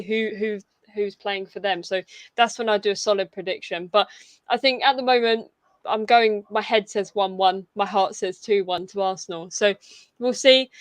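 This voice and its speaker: A woman's voice: medium pitch, dry recording. A young woman hosting a football fan livestream, chatty and upbeat, with lots of fillers, her voice getting tired. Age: young adult. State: losing her voice. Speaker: fan channel host. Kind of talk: casual fan livestream chat.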